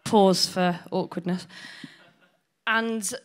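A woman's voice: medium pitch, steady tone, extremely slow. A woman doing blunt, sweary, self-mocking stand-up storytelling. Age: 20s. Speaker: stand-up comedian.

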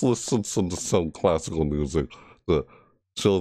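A man's voice: low voice, animated, moderate pace, loud music behind the voice. A man commentating a horror game playthrough, frustrated and jumpy, scolding the game's characters and shrieking at scares. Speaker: gamer.

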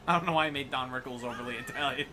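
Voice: mid-range voice, very fast. A game streamer joking and teasing through a let's-play session. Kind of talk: casual let's-play banter.

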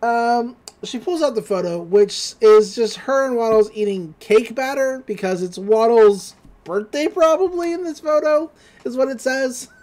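A woman's voice: fairly high pitch, unhurried, darkish tone. A woman hosting a podcast, recapping a cartoon episode in a chatty, giggly way with lots of fillers. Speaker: podcast host.

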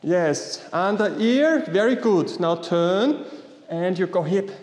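Man, instructor, slow, higher voice, short commands, simple non-native English, echoey hall from a distance. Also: expressive, a little mellow. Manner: short spoken commands with frequent checking tags like "yeah?". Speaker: qigong instructor. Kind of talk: leading a group exercise class.

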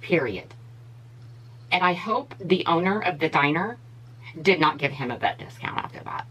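A woman's voice: deep voice, expressive, normal speed, a bit bright, breathy edge, poor audio. A woman beauty vlogger giving blunt, opinionated commentary in a casual chat while she does her makeup.

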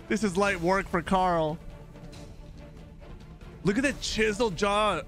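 A young man hosting a horror game playthrough, reacting excitably with shouts and laughs. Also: high-pitched, slow, soft background music. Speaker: gaming video host.

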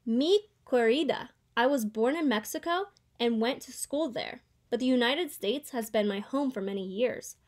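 A woman's voice: fairly high pitch, moderate pace, few pauses, lightly acted. A woman reading a children's picture book aloud, voicing a proud older great-aunt who speaks in a tender, earnest way. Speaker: reader.

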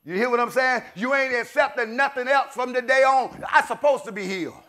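A middle-aged man preaching a sermon, swinging between shouted declarations and low murmured asides. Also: brisk.

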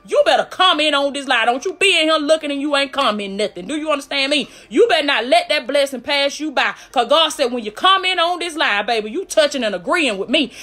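A woman's voice: high-pitched, a bit bright. A woman preaching a fervent live-streamed sermon with a call-and-response cadence, repeating "glory be to God" between lines.

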